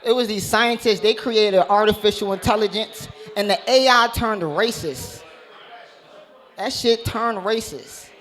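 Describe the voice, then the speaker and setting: A man's voice: high voice, unhurried, fairly bright tone, soft background music. A man doing a brash, profane stand-up comedy set on a club stage, speaking into a handheld mic. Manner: brash, profane, punchline-driven delivery.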